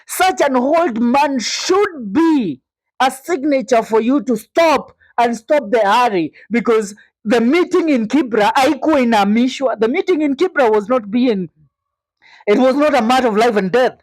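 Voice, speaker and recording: A woman's voice: fairly high pitch, lively intonation, moderate pace, darkish tone, no room sound. A woman with a Kenyan accent giving indignant, opinionated news commentary, asking rhetorical questions and slipping into Swahili.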